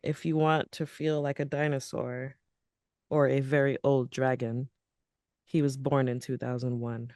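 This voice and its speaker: Young woman, podcast co-host, relaxed casual talk, dry close mic. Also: rumbling low, measured pace, no room sound. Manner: relaxed, steers the talk to the next scene. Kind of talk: casual chat.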